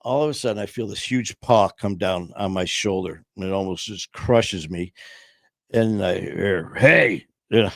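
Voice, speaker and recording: Speaking at a normal speed with some vocal fry, this sixty-something podcast host from Michigan sits low in pitch as he tells rambling, foul-mouthed stories peppered with "man" and "you know." It's a casual storytelling interview, recorded dry at studio quality through a streaming podcast mic.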